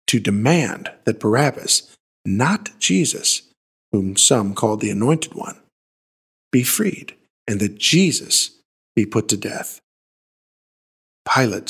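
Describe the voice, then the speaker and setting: A man, a pastor, retelling a Bible story as a sermon in a dramatic way, shifting between hushed and emphatic lines. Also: mid-range voice, slightly rough.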